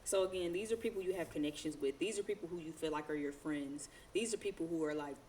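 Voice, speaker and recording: A woman with a low voice gives a loose, slangy tarot reading, full of profanity and rambling asides. She laughs often as she goes. A faint hiss of noise sits behind her. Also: fast, darkish tone. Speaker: tarot reader.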